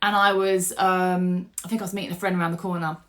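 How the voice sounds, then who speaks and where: A middle-aged woman, telling a personal story to camera in a chatty, animated way. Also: on the low side, fast. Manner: animated, chatty, with fillers and restarts. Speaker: vlogger.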